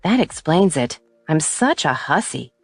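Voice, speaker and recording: A woman voicing a sharp-tongued young woman in an audiobook, sounding exasperated. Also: sits low, very animated, measured pace, breathy edge, no room sound, soft background music, full character voice.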